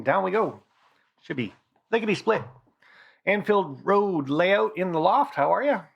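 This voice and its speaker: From his home model railroad room, a channel host runs a casual live stream, chatting loosely and reading out viewer names. His voice is medium-pitched with vocal fry, and the audio sounds dull.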